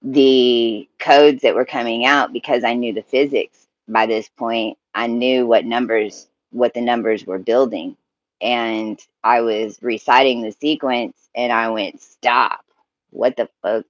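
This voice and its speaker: A man telling a personal story in a halting, emotional monologue, swearing freely and often restarting his sentences. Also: mid-range voice, fairly even intonation, dry recording, highs cut off.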